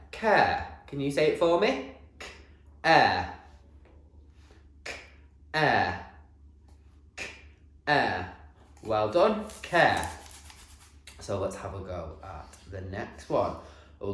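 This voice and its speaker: A man teaching a phonics lesson to young children, slowly sounding out letters in an encouraging, sing-song way. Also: mid-range voice, fairly bright tone, reverberant. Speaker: primary school teacher.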